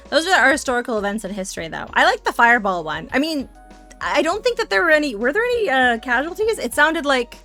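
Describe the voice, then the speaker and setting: A woman's voice: on the high side, pushed and bright. Woman streamer, rambling and sarcastic. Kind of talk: casual live-stream chat.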